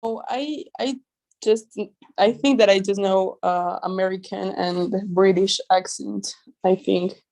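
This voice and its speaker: Slow, hesitant woman learning English. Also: medium pitch, steady tone, creaky, darkish tone. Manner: hesitant, searching for words, shy laughs. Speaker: English student. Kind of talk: answering a teacher's questions.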